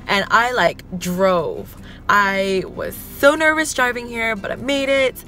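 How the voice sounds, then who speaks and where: A young woman with a husky voice, chatting excitedly to her viewers in a casual vlog. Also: medium pitch, moderate pace. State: husky, lowered voice while recovering. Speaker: vlogger.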